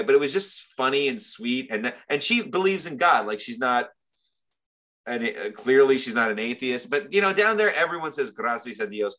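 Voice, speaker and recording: Man, casual storyteller; bright, forceful voice, rambling and profane. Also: medium pitch.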